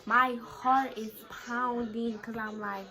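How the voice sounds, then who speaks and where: A woman's voice: fairly high pitch, level tone, slow pace, creaky, bright, forceful tone. A teenage girl vlogging a casual storytime, talking in a chatty way full of "like". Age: teens. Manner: chatty, fills talk with "like".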